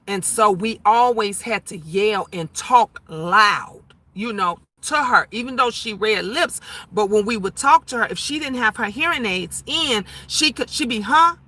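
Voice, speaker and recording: A woman in her fifties talking loudly and emphatically on a casual livestream, chatting and answering viewer comments. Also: mid-range voice. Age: 50s. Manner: loud, emphatic talker who gets louder when emotional.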